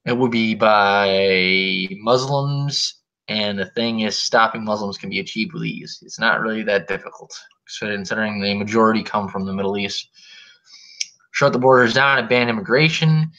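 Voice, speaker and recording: A man's voice: on the low side, moderate pace, pushed and bright, highs cut off. A man hosting a casual podcast chat, opinionated and blunt with jokey banter. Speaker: host.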